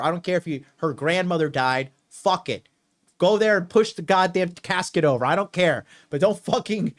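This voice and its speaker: A young adult man giving a solo advice talk as a dating coach, profane and emphatic, repeating points over and over. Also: a little high.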